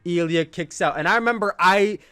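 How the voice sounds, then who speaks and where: Excitable male wrestling reviewer, dry mic. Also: high voice, brisk, clear, resonant tone, dry recording. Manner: enthusiastic, rambling, excitable outbursts. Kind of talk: casual solo review.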